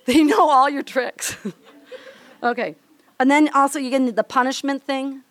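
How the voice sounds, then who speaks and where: High-voiced chatty Midwestern woman speaker. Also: fairly even intonation, moderate pace, dry recording. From Minnesota. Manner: chatty, candid, laughs often, acts out little scenes. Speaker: women's ministry speaker. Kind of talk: devotional teaching talk.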